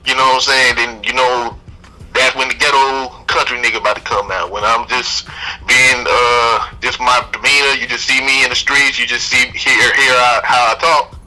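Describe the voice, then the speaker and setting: A man's voice: mid-range voice, little pitch movement, normal speed, pushed and bright, poor audio. A man from Georgia with a Southern accent, co-hosting a podcast in loose, laughing, slangy banter. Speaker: podcast co-host. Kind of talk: casual chat.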